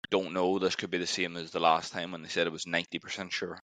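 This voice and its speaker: A man's voice: sits low, little pitch movement, fast talker, sharp tone. A male podcast host chatting casually and backing up his guest with short replies. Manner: brief affirmations and supportive interjections. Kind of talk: casual interview chat.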